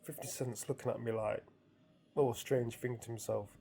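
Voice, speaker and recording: Husky man telling a story. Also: mid-range voice, moderate pace, pauses often, mellow. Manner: amused, chuckling, rambling with restarts. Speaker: vlogger recounting dreams. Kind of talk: casual storytelling.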